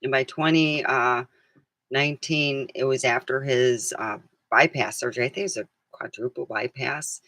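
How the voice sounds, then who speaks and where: A woman's voice: rumbling low, moderate pace, a bit bright, no room sound. A middle-aged woman vlogging in a casual, rambling chat, who laughs often and acts out the things people said.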